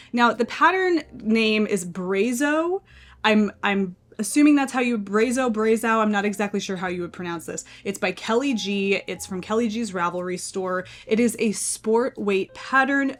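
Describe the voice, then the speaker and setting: An American woman hosting a knitting channel, chatting through pattern picks in a casual, think-aloud way. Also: medium pitch.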